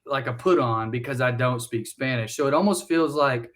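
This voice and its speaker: A man, co-hosting a podcast as an animated, profane storyteller. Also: mid-range voice, moderate pace. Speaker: podcast co-host. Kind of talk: casual comedic chat.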